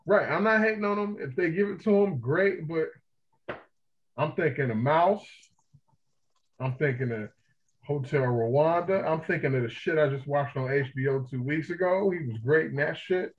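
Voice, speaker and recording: Animated man with dull lo-fi sound. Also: fairly high pitch, moderate pace. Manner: animated, profane, enthusiastic film talk. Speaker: podcast co-host. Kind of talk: casual chat.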